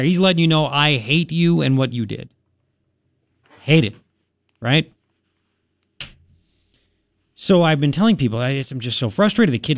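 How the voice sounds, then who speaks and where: Radio host, male, thirties, chatty and rambling, a touch high-pitched, dry studio sound. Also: dry recording. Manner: rambling, chatty, lots of restarts and fillers. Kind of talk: casual talk radio monologue.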